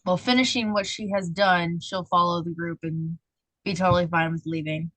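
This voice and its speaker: A woman's voice: on the low side, steady tone, normal speed, a bit bright, no room sound, poor audio. A woman playing a tabletop game online, carefully checking details with the game master. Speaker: player. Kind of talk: asking the game master questions.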